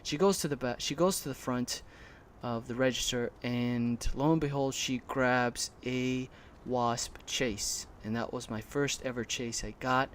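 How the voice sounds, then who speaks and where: A man telling a heated, animated story about a bad collecting experience, his voice shaking with anger and peppered with swearing. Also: medium pitch, unhurried, a little hiss or hum. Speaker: collector vlogger. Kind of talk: casual storytime.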